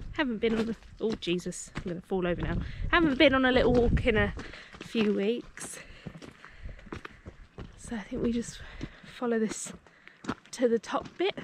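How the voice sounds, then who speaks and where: A woman's voice: on the high side, expressive, a little slow. A woman, chatting casually and rambling with plenty of fillers as a travel vlogger. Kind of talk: casual vlog narration. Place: outdoors on walks and in a car. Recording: muffled camera audio with loud background noise.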